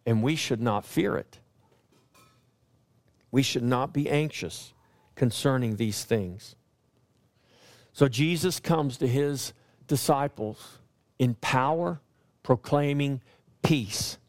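A man preaching a sermon as pastor, pressing his points with repeated lines and slowing down when he quotes scripture. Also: mid-range voice.

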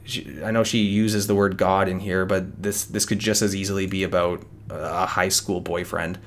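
A man's voice: sits low, flat delivery, normal speed, slight background noise. Earnest man ranting on his podcast. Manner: earnest, conversational, many restarts. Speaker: podcast host. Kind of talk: solo opinion podcast monologue.

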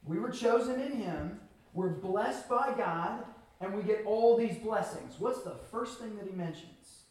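A man preaching a sermon as pastor to his church, with earnest emphasis and pauses. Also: sits high, darkish tone. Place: church sanctuary. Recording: very echoey hall, from a distance.

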